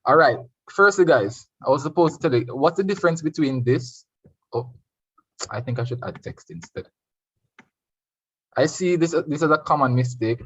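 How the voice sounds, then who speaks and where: A man's voice: medium pitch, slightly rough, dry recording. A Jamaican man teaches a live online Spanish revision class, hopping between English and Spanish and firing questions at students. His voice sounds dry and a bit dull, like audio from a video call. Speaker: Spanish tutor.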